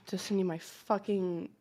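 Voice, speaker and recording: A woman's voice: medium pitch, takes it slowly, husky. A woman streamer trading crude, teasing jabs with a friend while gaming, swearing a lot and chewing into her mic. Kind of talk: casual gaming stream banter.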